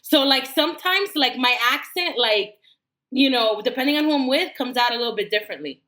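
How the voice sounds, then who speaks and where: A woman's voice: high voice, expressive, a little fast, pushed and bright. A woman in her forties from Miami, a TV writer chatting as a podcast guest, dropping Spanish phrases into her English and laughing easily. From Miami, United States. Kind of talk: casual podcast interview.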